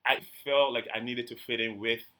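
A man's voice: mid-range voice, moderate pace. A young man from Ivory Coast, a podcast guest telling stories in a casual chat and acting out the people he quotes. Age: young adult. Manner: animated storyteller, acts out quoted people. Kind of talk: casual conversation.

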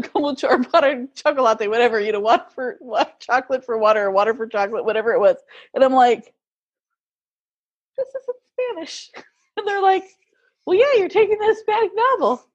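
A woman's voice: high-pitched, slightly rough. A woman telling stories in a casual interview, laughing often as she talks. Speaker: guest.

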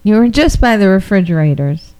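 A woman's voice: medium pitch, expressive, a little fast, mellow, clear, resonant tone, low-quality recording. A woman chatting casually while watching a movie, making joking, profane comments. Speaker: movie reaction co-host. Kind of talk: casual watch-along chat.

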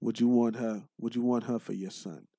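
A man's voice: mid-range voice, fairly even intonation, dark tone, dry recording, studio quality. A man co-hosting a podcast, talking bluntly and emphatically in casual debate. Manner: emphatic, blunt, quick to agree. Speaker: podcast co-host. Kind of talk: casual chat.

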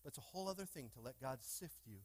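A man's voice: mid-range voice, lively intonation, racing, dry recording. A male pastor preaching a sermon in a church, with call-and-response questions to the congregation and fervent bursts. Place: church sanctuary.

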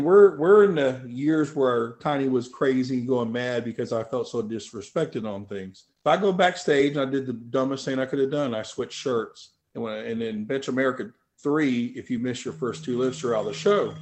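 Animated man telling a profane story. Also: normal speed, few pauses. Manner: animated, profane, swings from low mutters to loud outbursts. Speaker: guest. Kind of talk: casual storytelling.

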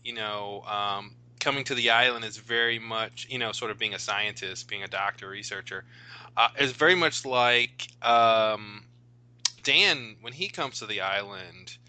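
A man's voice: fairly low pitch, unhurried, sharp tone, dry recording, rough recording. A man co-hosting a casual podcast, talking through ideas thoughtfully with a rambling flow and many fillers. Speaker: podcast co-host.

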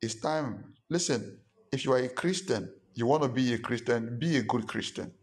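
An emphatic male pastor in the middle of a sermon. He has a voice of ordinary, middle pitch. He repeats his points and slips into quick impressions of his listeners. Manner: emphatic and repetitive, acts out quoted listeners.

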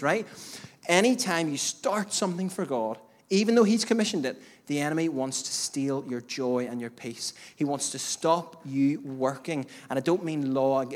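A male pastor delivers a sermon with fervent, rhythmic emphasis, stacking short repeated phrases and calling out to the congregation. His voice sits a little higher than most men's. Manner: emphatic preaching with rising bursts and repetition; addresses the congregation directly as church and folks.

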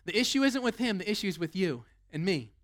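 Young male pastor, high voice, excitable sermon delivery full of restarts and "like.". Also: fast. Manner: fired-up, rambling with many "like" and restarts. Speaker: lead pastor. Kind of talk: energetic sermon.

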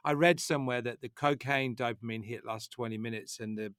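A middle-aged man hosts a podcast and talks with eager enthusiasm, rambling and stumbling over his own restarts. His voice sits at a medium pitch. The sound is close and dry. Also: fairly even intonation, a little fast, fairly bright tone, clean tone, no echo. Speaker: podcast host. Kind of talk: casual podcast interview.

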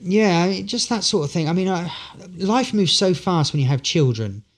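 A man's voice: high voice, animated, moderate pace. Rambling storyteller man. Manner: rambling storyteller, many fillers and restarts. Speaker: guest, street performer. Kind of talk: anecdotal podcast chat.

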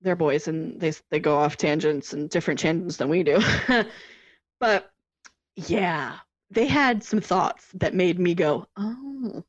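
A woman's voice: fairly low pitch, measured pace, no echo. Laughing, swearing woman on a muffled line. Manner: laughs often, swears casually. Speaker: podcast co-host. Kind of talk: casual podcast chat. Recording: dull, lo-fi sound.

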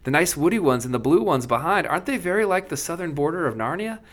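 A gentle, wondering young girl from a storybook, read aloud by a man. The voice sits noticeably higher than his own, with a light and lifting tone. It has the feel of a storybook reading on a podcast. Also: animated, fast. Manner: raised, lifted storybook reading.

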